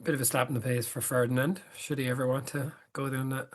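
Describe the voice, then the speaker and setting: A middle-aged man co-hosting a casual talk show. He speaks in a laid-back, dry manner, with his voice at an ordinary middle pitch. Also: level tone, fast. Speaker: podcast co-host. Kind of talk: casual chat.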